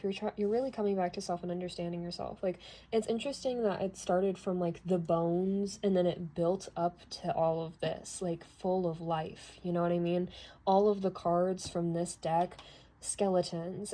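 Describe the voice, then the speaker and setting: A woman's voice: on the low side, mellow. Woman, tarot reader, casual chat, talkative, laughs a lot, wanders off topic. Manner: chatty, laughs often, trails into asides.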